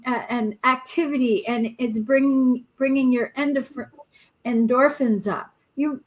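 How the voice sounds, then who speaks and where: A woman co-hosting a casual spiritual podcast, reading oracle cards in an encouraging, animated way. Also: a little high, rough recording. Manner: encouraging, animated, acts out little quotes.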